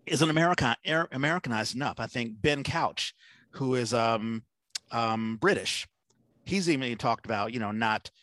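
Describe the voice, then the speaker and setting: A man's voice: mid-range voice, fairly bright tone, dry recording. A man hosting a podcast over a video call, talking in a rambling way with many fillers and restarts. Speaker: podcast host. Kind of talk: casual video-call conversation.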